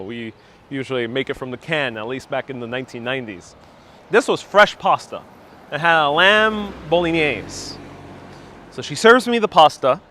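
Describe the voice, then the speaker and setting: Animated man telling stories on a street tour. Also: a little high. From New York City. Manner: animated storyteller, reads viewer comments aloud. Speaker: vlogger giving a live walking tour. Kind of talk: casual live-stream storytelling. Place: outdoors on city streets. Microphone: wireless lapel mic.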